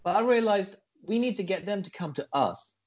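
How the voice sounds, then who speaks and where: Husky guy on a podcast, teasing and playful, voice bounces around a lot. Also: high voice, lively intonation, fairly quick, a little mellow. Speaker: podcast co-host. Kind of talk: casual podcast banter.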